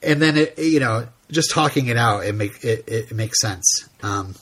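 A man's voice: mid-range voice, moderate pace, a bit bright, breathy edge. A man hosting a podcast, recapping a TV episode in casual, rambling chat full of fillers and laughter. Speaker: podcast host.

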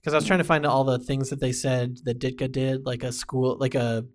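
A man's voice: medium pitch, little pitch movement, a little fast. A man co-hosting a fantasy football podcast in casual chat, rambling and amused.

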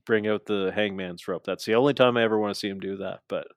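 A man co-hosting a podcast, casually recapping a wrestling show and mocking the wrestlers' lines in quick asides. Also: lowish voice, steady tone, dry recording. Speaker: podcast co-host.

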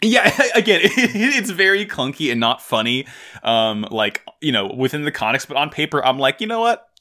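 Male podcast co-host, casual banter, bright tone, lively swooping pitch. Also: normal speed. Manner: animated, laughing, jokey fan enthusiasm. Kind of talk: casual chat.

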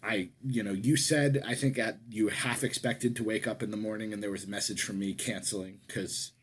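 A man's voice: lowish voice, fairly even intonation, fairly quick, a little hiss or hum. A man co-hosting a casual wrestling podcast, talking in a rambling way that keeps correcting itself. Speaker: podcast co-host.

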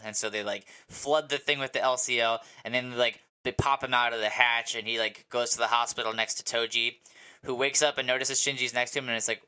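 A man co-hosting a podcast, rambling excitedly through a casual episode recap with lots of fillers and swearing. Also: medium pitch, a little fast, clean tone. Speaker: podcast co-host.

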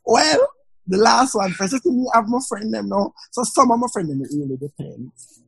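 A woman, a law student telling lively stories on a casual podcast. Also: a little high, moderate pace, gravelly, breathy edge, no echo, low-quality recording. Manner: animated storyteller, patois-tinged.

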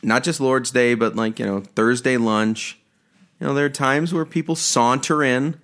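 A man's voice: medium pitch, normal speed. A young man chatting casually as a podcast co-host, telling jokey stories with quoted voices. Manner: joking, animated storytelling with quoted voices. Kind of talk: casual chat. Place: room at home.

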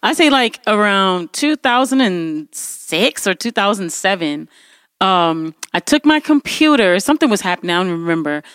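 A woman hosting a casual chat, telling stories with lively energy. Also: mid-range voice, normal speed, clear, resonant tone, no echo. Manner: animated storyteller, shouts when acting out anger. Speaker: host.

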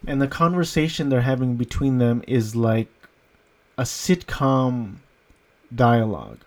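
A man's voice: medium pitch, measured pace, darkish tone. A man giving a casual, rambling movie review, amused and often breaking into laughter. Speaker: film reviewer.

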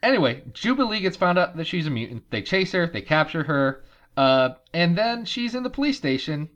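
A man's voice: on the high side, very animated, brisk, a bit bright. A man hosting a podcast, recapping a movie in casual chat with sarcastic asides over a remote call. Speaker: podcast host.

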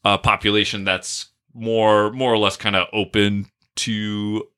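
Podcast co-host, male, bright tone, rambling casual storyteller. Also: fairly low pitch, flat delivery, measured pace, smooth. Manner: rambling, frequent fillers and restarts. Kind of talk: casual chat.

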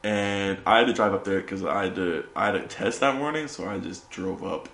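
A young man, a podcast host, telling animated stories in casual chat and saying "bro" a lot. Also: low-pitched, brisk, echoey room. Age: young adult.

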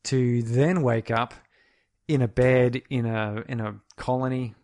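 A man in an easygoing podcast chat, walking his co-host through a film's plot. His voice sits at an ordinary middle pitch, and he slips into the characters' lines as he tells it. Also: steady tone, unhurried, darkish tone. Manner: chatty, retells scenes, mimics characters' lines. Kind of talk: casual film recap chat.

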